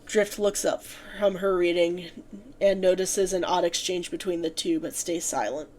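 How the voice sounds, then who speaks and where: A woman's voice: lowish voice, steady tone, a little slow, a little mellow, slight background noise. Woman reading her own fanfiction aloud. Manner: plain reading with frequent slips and restarts.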